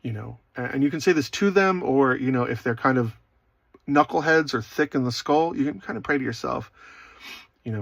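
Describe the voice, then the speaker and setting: A man's voice: medium pitch, moderate pace, dry recording. A rambling man with a dry, dull recording. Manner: rambling, often drops to quiet asides; self-deprecating humor. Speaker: online Christian speaker. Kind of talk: casual spoken reflection.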